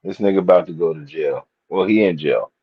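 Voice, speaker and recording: A man's voice: low-pitched, brisk, slightly rough. A man on a live call-in panel who speaks bluntly and with irritation, cursing freely. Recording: dull lo-fi line.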